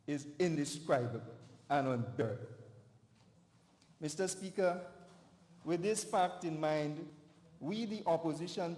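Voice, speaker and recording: A young adult Grenadian man, an opposition member in a youth parliament, gives a formal debate speech in a large parliament chamber. His high, slightly mellow voice is deliberate and emphatic, stressing words, and the chamber's long reverb makes it echoey.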